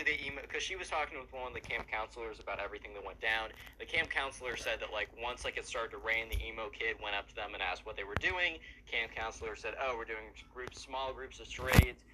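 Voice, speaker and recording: A man's voice: medium pitch, background noise. A man casually telling a long story while gaming, chatty and full of fillers. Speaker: storyteller and gamer. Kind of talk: casual storytelling over gameplay.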